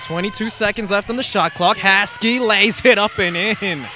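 A man calling live basketball play-by-play, excitable and rising to shouts on big plays. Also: high voice, normal speed. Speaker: play-by-play announcer.

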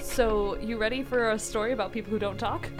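A woman co-hosting a casual chat, telling anecdotes in an animated way. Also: a little high, brisk, over music. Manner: animated storyteller, acts out quotes.

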